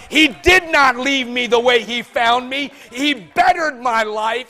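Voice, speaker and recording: A man preaching a sermon, swinging from loud shouts to soft asides. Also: very high-pitched.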